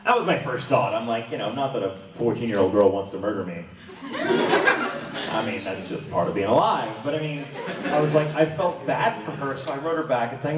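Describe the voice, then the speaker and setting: A voice actor who plays characters tells stories as a convention panel guest, wry and self-mocking and laughing often. His voice is a little high, expressive, and a little fast, picked up by a distant mic in an echoey hall with a crowd.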